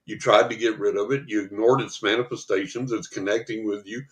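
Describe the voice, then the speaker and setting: An older man, a psychic guest in an interview, telling anecdotes in a lively way and acting out the people in them. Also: fairly low pitch, a little fast. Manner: lively storyteller who acts out the people in his anecdotes. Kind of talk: storytelling in a podcast interview.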